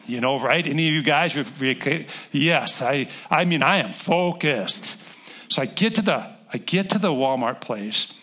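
A man's voice: mid-range voice, a bit bright, breathy edge. An older man, a guest pastor, giving a rambling, folksy, conversational sermon full of stories and self-interruptions.

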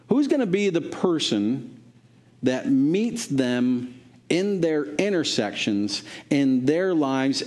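Slow, earnest preaching man. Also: mid-range voice, a little mellow. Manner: earnest, exhorting, repeats phrases for emphasis. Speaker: pastor. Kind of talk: sermon.

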